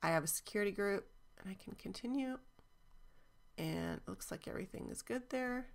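A woman's voice: medium pitch, lively intonation, fairly quick. A woman teaching cloud databases in a chatty, enthusiastic screen-recorded walkthrough, with frequent ums.

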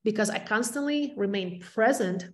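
A middle-aged woman speaks English with a clear non-native accent, teaching on a video call at a mid-range pitch. Her delivery is energetic and emphatic, and she repeats words to drive each point home. She sounds like a practiced presenter coaching her peers. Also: moderate pace. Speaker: real estate agent presenting to peers. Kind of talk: training talk on a video call.

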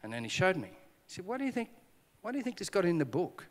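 High-pitched and fast, a male pastor preaches in a large conference hall. His sermon is lively storytelling with acted dialogue and self-deprecating humor.

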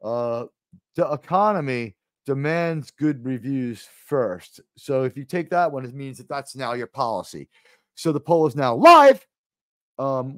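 A man's voice: mid-range voice, measured pace, no echo, clean studio sound. Rambling New York-accented male streamer. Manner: rambling, restarts mid-sentence, animated bursts. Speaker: livestream host. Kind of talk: casual live-stream chat.

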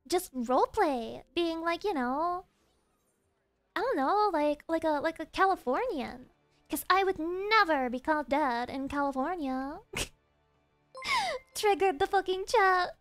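A young woman with a Southern US accent, chatting casually with viewers while streaming a game, animated and swearing freely. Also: unhurried, no room sound, faint music behind. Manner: animated, swears a lot, jumps between high playful voices and low mutters. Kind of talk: casual live-stream chat while gaming.

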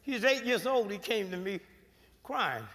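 A man's voice: sits high, very animated, unhurried. A man giving a comic, rousing speech to a live audience, telling folksy stories and prodding the crowd with rhetorical questions. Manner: folksy storytelling with loud punchlines. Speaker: panel speaker. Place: large auditorium. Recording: echoey hall, faint crowd and noise.

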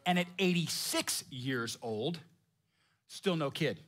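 A male pastor delivers a sermon with lively, conversational energy, dropping slang and jokes as he goes. His voice sits on the higher side for a man, and he speeds up when he gets excited. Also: takes it slowly.

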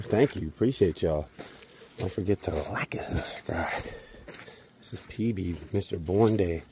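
A man vlogging outdoors at a beach spot while walking his dog, calling to it in high, loud bursts and dropping to low asides. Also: slight background noise. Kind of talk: casual vlog chatter.

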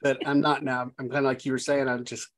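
A woman's voice: rumbling low, level tone, fast. A woman host with a Southern American accent, chatting casually with jokes and self-deprecating asides. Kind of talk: casual chat.

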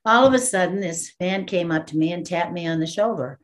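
A woman's voice: fairly low pitch, fairly quick. A woman from Texas, a guest minister telling her story in an interview and laughing often. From Texas, USA. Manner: lively storyteller who acts out the dialogue and laughs often.

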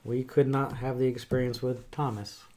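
Halting, thoughtful male chaplain. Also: medium pitch, flat delivery, a little mellow. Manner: thoughtful, halting, many fillers. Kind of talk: casual conversation.

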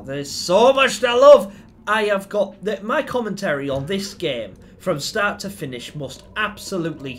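Male gamer, higher voice, excitable sweary commentary over clear game sound. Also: a little hiss or hum. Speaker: gaming YouTuber. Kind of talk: let's play commentary.

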